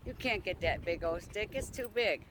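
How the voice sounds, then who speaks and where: High-voiced man chatting to his dog. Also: lively intonation, normal speed, background noise. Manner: playful, coaxing, talks to his dog in baby talk. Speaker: vlogger walking his dog. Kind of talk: casual chat to a dog. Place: outdoors by a lake on a walk.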